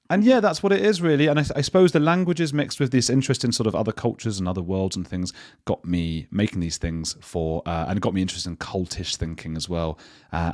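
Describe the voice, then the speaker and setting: A man's voice: low voice, a little mellow, no room sound, studio quality. A British man, a journalist and podcaster, chatting casually as an interview guest over a video call, self-deprecating and full of restarts. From United Kingdom.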